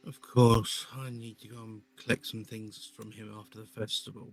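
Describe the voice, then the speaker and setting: A man voicing a blunt, weary former sailor adventurer in a tabletop role-play, talking casually with rough language. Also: lowish voice, flat delivery, moderate pace, close to an everyday voice.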